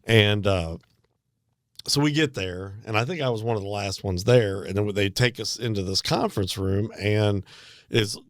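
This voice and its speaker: A man's voice: on the low side, normal speed, dry recording, clean studio sound. Middle-aged man rambling through a story. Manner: rambling, laughing storyteller with many fillers. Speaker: podcast co-host. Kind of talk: casual storytelling chat.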